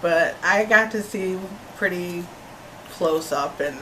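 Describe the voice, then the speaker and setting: A young woman eagerly telling a casual story, animated and laughing as she goes. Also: on the low side, slow pace, slight background noise, low-quality recording. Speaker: concert-goer. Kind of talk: casual chat.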